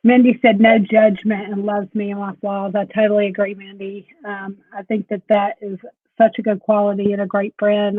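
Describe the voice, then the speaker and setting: A woman's voice: medium pitch, no room sound. Woman co-host on a tinny dry line. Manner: warm encouraging, lots of fillers and agreement. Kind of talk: live chat wrapping up. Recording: dry tinny phone-like sound.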